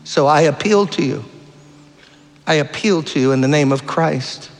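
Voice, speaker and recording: Guy preaching hard, pleading with the crowd, a bit high voiced, long echo. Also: moderate pace. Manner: fervent, appealing, storytelling preacher. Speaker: guest preacher. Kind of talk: sermon. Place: church sanctuary.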